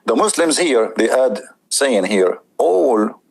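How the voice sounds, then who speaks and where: Male debate host with a husky voice, mid pitch, mocking and emphatic in his commentary. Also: big pitch swings, slow, low-quality recording. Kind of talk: commentary on a played clip.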